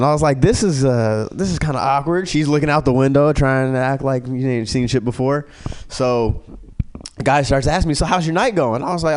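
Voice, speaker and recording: A man's voice: mid-range voice, brisk. A man telling a crude story on a comedy podcast, rambling with many ums and slipping into mimicked voices. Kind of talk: casual storytelling.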